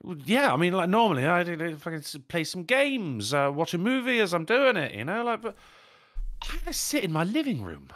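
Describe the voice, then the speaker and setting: Sweary British man with a very lively pitch. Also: fairly quick. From Britain. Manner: swearing, laughing, storytelling. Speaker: podcast co-host. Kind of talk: casual chat.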